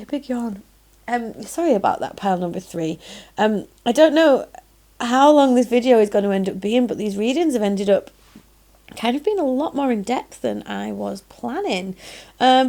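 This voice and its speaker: A Yorkshire woman reads tarot cards aloud in a casual, gushing way, pausing on frequent "um"s. Her voice sits a little high with a mellow, soft tone, and her phrases often trail into a gravelly fry. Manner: chatty and effusive, frequent "um"s and "lovely". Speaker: tarot reader. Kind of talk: casual pick-a-card tarot reading.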